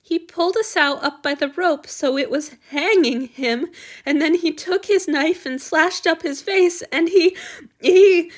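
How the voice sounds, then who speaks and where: Woman reader playing a tearful young servant man, raised high and strained, stammering through sobs. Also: a little slow. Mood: distraught. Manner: stammering, sobbing, pleading. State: crying.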